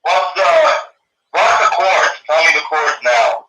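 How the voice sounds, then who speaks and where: A man's voice: fairly high pitch, wildly swooping pitch, slow, creaky, bright, forceful tone. A man speaking as a musician guest over a video call, hesitant and full of fillers. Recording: distant, echoey video call audio.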